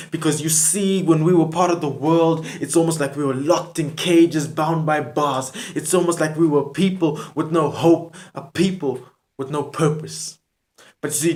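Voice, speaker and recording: A man delivering an earnest spoken word sermon to a video audience, pleading and repeating his points. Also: on the high side. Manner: earnest, repetitive, pleading address to the viewer.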